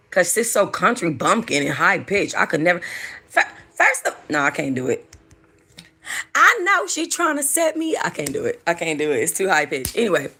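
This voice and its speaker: A woman hosting casual gossip commentary about reality TV, chatty, animated and profane. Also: fairly low pitch, slightly rough. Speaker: host.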